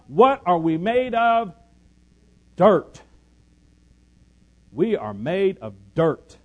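Male pastor giving a sermon; emphatic, repetitive, lightly humorous, high-ish voice. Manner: shifts from loud scripture and sung lines to soft conversational teaching.

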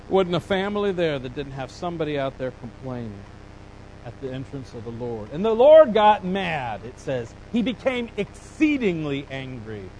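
High-voiced animated preacher. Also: male voice, moderate pace, slight background noise, poor audio. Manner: animated preaching, voicing Bible figures with rising emphasis. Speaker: pastor. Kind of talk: sermon.

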